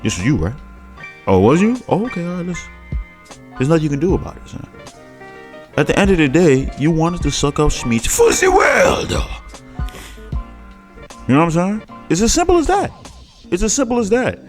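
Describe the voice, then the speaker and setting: A man's voice: on the high side, huge pitch swings, moderate pace, long pauses, soft background music. A man hosting a reaction video, talking in a mocking, sing-song way with stammering restarts. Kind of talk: casual mocking commentary.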